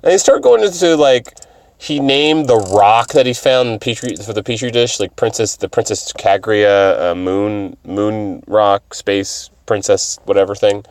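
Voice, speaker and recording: Low-voiced man in loose, profane chat. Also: a little slow, no room sound. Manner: profane, rambling, full of fillers. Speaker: podcast host. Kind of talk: casual rambling chat.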